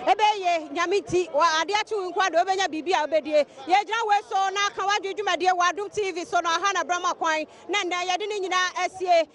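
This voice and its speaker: A Ghanaian woman reporting from a busy outdoor station, interviewing passers-by and reading sponsor plugs and phone numbers in a brisk manner. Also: very high voice, fairly even intonation, fairly bright tone. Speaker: street reporter and host. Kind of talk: vox-pop street interviews and sponsor announcements.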